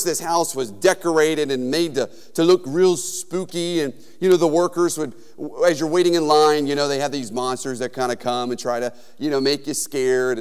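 A male pastor preaching a sermon in a relaxed, conversational manner, telling stories with frequent fillers. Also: on the high side, clean tone, big-room sound.

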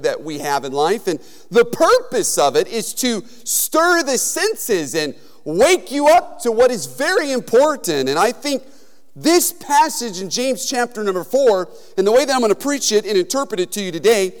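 A male pastor preaching a sermon in a relaxed, conversational manner, telling stories with frequent fillers. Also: high-pitched, big-room sound.

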